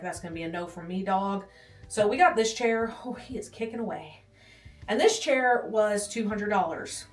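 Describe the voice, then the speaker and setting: This vlog clip shows a pregnant young woman touring her small nursery, rambling casually, joking at her own expense, and sometimes out of breath. Her mid-range voice is recorded off-mic in a roomy space, with faint music and air conditioner hum behind her.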